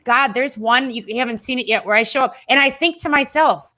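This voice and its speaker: A woman in her forties, a guest on a chat show, telling stories in a casual, animated way and acting out the people she quotes. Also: high voice, brisk. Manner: animated, acts out quotes with shifting voices. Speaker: podcast guest, former wrestling interviewer.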